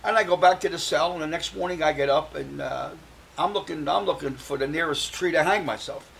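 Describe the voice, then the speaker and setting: A man's voice: a little high, brisk, vocal fry, fairly bright tone, a little hiss or hum, low-quality recording. An older man, a guest on a talk show, telling his personal story and acting out the voices of the people he quotes.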